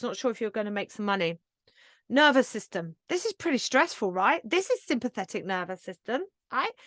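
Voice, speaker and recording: A woman's voice: a little high, fairly bright tone, no echo, studio quality. A woman hosting her own podcast, talking casually and earnestly as she coaches listeners with encouragement and plenty of fillers. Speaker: podcast host and yoga business coach. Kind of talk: casual solo podcast talk.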